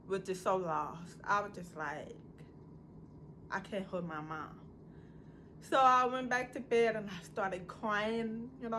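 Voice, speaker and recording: A woman vlogger telling a personal story in a casual, animated, conversational way. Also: medium pitch, slight background noise. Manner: animated, conversational storytelling with many "you know"s.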